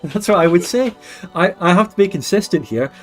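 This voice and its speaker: A man's voice: high voice, lively intonation, a little fast, over music. A Scottish man hosting a casual stream chat, who explains things at length in a playful, questioning way. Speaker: streamer host.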